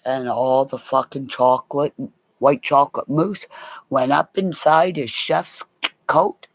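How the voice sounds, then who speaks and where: A middle-aged woman with a rough, gravelly voice tells salty personal stories, swearing freely and breaking into laughter. She talks slowly, drawing each beat out. Her voice sounds close and dry, with no room around it. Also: very deep voice, dry recording. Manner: animated, swears a lot, laughs mid-story. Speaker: storyteller. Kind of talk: casual profane anecdote telling.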